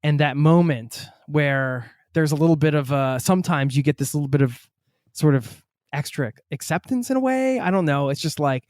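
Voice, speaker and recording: A man's voice: on the high side, normal speed, darkish tone, dry recording, studio quality. A man hosting a podcast, talking in an easygoing, conversational way and thinking aloud as he goes. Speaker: podcast host. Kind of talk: casual interview chat.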